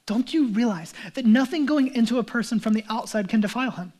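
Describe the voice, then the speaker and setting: Casual, animated man preaching. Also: very high-pitched, quick pace. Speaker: pastor. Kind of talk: sermon.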